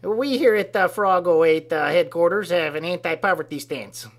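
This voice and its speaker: A man's voice: high voice, normal speed, voice pushed up. A man doing a crude French presidential candidate. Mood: mock solemn. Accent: French, put on. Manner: mock campaign speech, crude and offhand.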